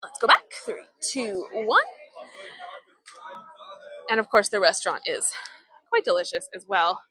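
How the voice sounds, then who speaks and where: A woman's voice: mid-range voice, wildly swooping pitch, unhurried, pushed and bright, poor audio. A young woman giving a live walking tour outdoors, speaking in an enthusiastic, chatty way into a handheld phone. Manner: chatty, enthusiastic, reads viewer comments. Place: outdoors in an old town street.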